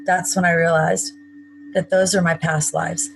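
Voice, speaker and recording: A woman's voice: on the low side, flat delivery, unhurried, creaky, faint music behind, poor audio. A woman being interviewed, recounting a personal story in a chatty, matter-of-fact way with wry asides. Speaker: interview guest.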